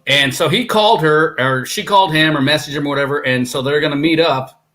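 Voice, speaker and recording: A man in a band tells road stories as a podcast guest, swearing freely and acting out what people said. His voice is bright and sits a bit high. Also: a little fast. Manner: swearing, animated storytelling that acts out quotes. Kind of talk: casual storytelling.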